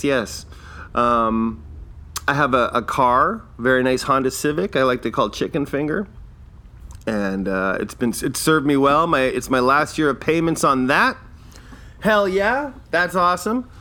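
Rambling fifty-something podcast host. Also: male voice, mid-range voice, bright, forceful tone. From Canada. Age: 50s. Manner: rambling, self-deprecating, chuckles at own jokes. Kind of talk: casual solo podcast monologue.

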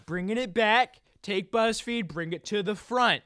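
A man's voice: high voice, unhurried, pushed and bright, no room sound, studio quality. A man co-hosting a comedy podcast in casual chat, playful and teasing, often slipping into silly bits. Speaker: podcast co-host.

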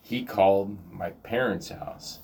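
A man's voice: on the low side, slow, gravelly, a little mellow, recorded from a distance. A man from Arizona in his thirties telling stories in casual, profane chat as a podcast co-host, acting out the people he quotes. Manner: swears constantly, acts out quoted people.

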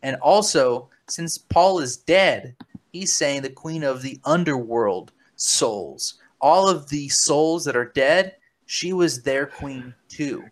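A man's voice: on the high side, animated, slow pace. A man hosting a comedy podcast, speaking with mock seriousness, conspiratorial and stumbling over repeated words. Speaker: podcast host. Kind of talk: comedic deadpan chat.

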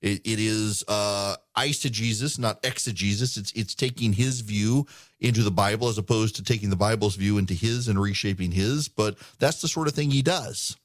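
A man's voice: fairly low pitch, moderate pace, no echo, studio quality. A man hosting a political talk radio show, speaking emphatically and often repeating words as he starts a sentence. He grew up in the United Arab Emirates.

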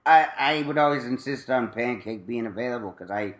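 A man's voice: mid-range voice, brisk, a bit bright. Rambling, self-mocking man in an echoey room. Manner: rambling, self-mocking, lots of fillers and laughs. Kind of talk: casual chat.

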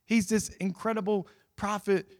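A middle-aged male pastor preaching a sermon to a live congregation in a church, telling a Bible story with lively emphasis, swinging between loud pushes and low, quiet asides. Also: normal speed. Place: church hall with live audience.

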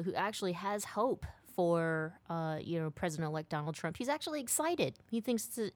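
A woman's voice: lowish voice, no room sound. A woman hosting a radio interview who asks probing, pointed questions.

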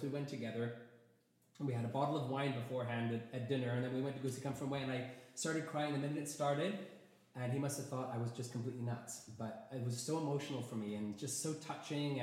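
Gushing Canadian man in an echoey room. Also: medium pitch. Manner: gushing, soft and chatty with restarts. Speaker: host of a theatre talk show. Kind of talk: casual chat.

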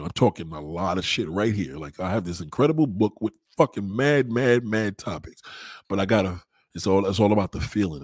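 A man's voice: fairly low pitch, slightly rough, dry recording, clean studio sound. Mocking, swaggering New man. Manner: loud, mocking, swaggering, heavy swearing. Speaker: live stream host. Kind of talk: profane live chat reading.

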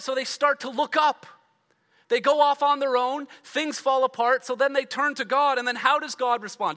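A man's voice: extremely high pitch, sharp tone. A man preaching a sermon as a pastor, reading scripture aloud, then explaining it with rising emphasis and trailing drops. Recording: long reverb of a large hall.

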